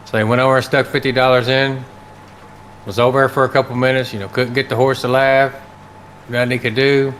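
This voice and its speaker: A man's voice: medium pitch, flat delivery, fairly quick, fairly bright tone, a little hiss or hum. A man casually telling a long joke on a live game stream, rambling with lots of fillers and restarts.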